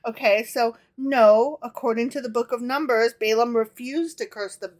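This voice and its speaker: Teasing woman co-host, high voice. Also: moderate pace. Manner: teasing, swears freely. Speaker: podcast co-host. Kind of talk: casual podcast banter. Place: living room at home.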